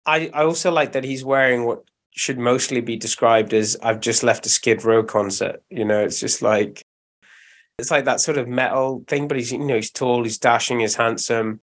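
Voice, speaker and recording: A man with a mid-range voice talks in relaxed podcast banter. He cracks jokes and keeps an easy, loose flow. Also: mid-range voice, moderate pace. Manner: joking, relaxed. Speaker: podcast co-host. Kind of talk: casual film chat.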